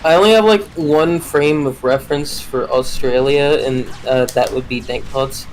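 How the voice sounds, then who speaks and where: A man's voice: medium pitch, steady tone, moderate pace, low-quality recording. A man with a slight Texan accent chatting in a laid-back way while streaming a game. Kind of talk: casual chat while gaming. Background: game music.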